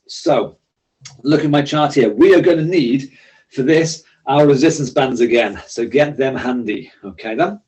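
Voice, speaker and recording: A man leads a seated workout with a friendly, encouraging manner, giving clear step-by-step cues. His voice sits a bit high for a man. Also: a little mellow, rough recording. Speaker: exercise instructor. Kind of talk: leading a seated workout class.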